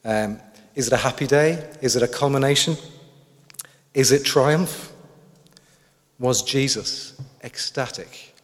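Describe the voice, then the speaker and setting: The preacher speaks slowly in a mid-range voice, leaving long pauses as he reflects. He poses many questions to the congregation, and the sound has a long hall reverb.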